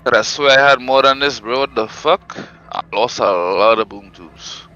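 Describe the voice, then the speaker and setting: A man's voice: medium pitch, moderate pace, sharp tone, muffled recording. A man playing a game with a friend, talking in brash, slangy casual chat and swearing freely. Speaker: gamer.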